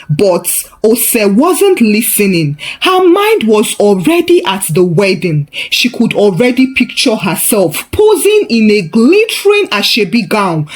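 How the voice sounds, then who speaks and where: A woman narrating a story, expressive and chatty with asides. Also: medium pitch.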